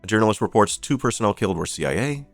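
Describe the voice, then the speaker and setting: Brief: low-voiced male stream host, sardonic and profane, riffs on headlines over faint music. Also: lively intonation, rapid-fire, no echo. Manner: sarcastic, profane asides while reading headlines. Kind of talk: political news commentary. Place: streaming setup.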